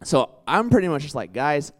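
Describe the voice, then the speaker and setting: A young man preaching in a casual storytelling style, chatty and animated, full of asides and questions put to a live audience. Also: medium pitch, normal speed, smooth. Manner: chatty and animated, full of "like" and "right?", quizzes the crowd. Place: church hall with a live audience.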